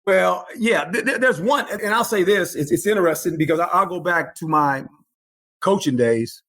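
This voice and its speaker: An older man, a former football coach, telling stories as a guest in an interview, animated and emphatic, often repeating phrases. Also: high-pitched, moderate pace. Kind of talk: storytelling interview.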